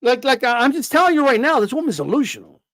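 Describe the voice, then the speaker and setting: A man with a high voice rants through casual boxing commentary, swearing freely and stumbling over repeated words. He keeps throwing rhetorical questions at his listeners. The recording is dry and close, with no room sound. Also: big pitch swings, quick pace, a bit bright, no echo. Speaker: boxing commentator on a live stream.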